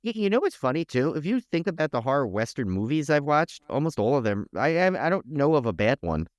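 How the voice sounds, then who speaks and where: A man's voice: mid-range voice, very animated, a little fast, dry recording. A man co-hosting a horror podcast, talking in a jokey, rambling way full of "like" and "uh". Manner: jokey, rambling, uses lots of "like" and "uh". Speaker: podcast co-host. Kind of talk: casual podcast chat.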